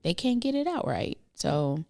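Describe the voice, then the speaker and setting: Middle-aged woman, podcast co-host, low and gravelly, earnest and thoughtful, dry close mic. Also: sing-song, a little slow, no room sound. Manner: thoughtful, earnest, speaks softly at times. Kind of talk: reflective casual conversation.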